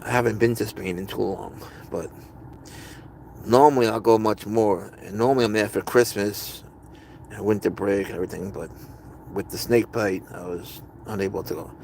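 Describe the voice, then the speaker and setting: A man's voice: lowish voice, moderate pace, vocal fry, a little mellow, slight background noise. A man hosting a live stream, chatting casually and rambling as he answers viewers' comments. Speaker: livestream host.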